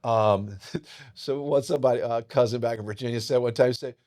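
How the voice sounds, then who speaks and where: A man's voice: mid-range voice, brisk, darkish tone. A boisterous man, a podcast guest, telling a long personal story in casual chat. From Seattle area.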